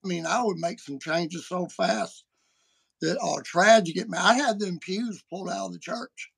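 A man hosting a podcast, talking in a casual, animated and folksy way. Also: high voice, normal speed, vocal fry, slightly rough. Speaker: podcast host. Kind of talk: casual chat.

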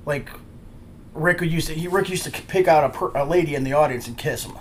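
A man's voice: fairly high pitch, a little fast, a little hiss or hum. A man co-hosting a podcast who chimes in with short remarks in casual chat. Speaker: podcast co-host.

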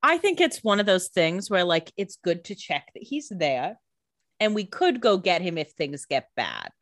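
A woman co-hosting a casual podcast chat, animated and playful, laughing often. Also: fairly low pitch, moderate pace, no echo, studio quality. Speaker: podcast co-host.

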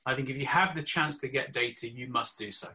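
Bright-voiced man arguing emphatically. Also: mid-range voice, fairly quick. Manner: emphatic, argumentative. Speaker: pediatric doctor. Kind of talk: panel discussion argument.

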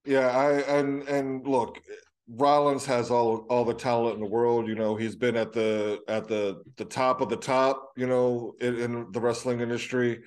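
Male podcast co-host, easygoing and agreeable, middle pitch, trips over his words. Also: flat delivery. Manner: halting, agreeable, many restarts. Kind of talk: casual wrestling podcast chat.

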